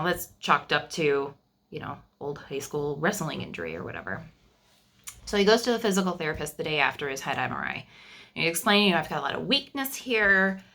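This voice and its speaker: Low-voiced, bright young woman vlogger. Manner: chatty and candid, with frequent fillers and restarts. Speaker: vlogger telling her family's story. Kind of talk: casual storytelling to camera.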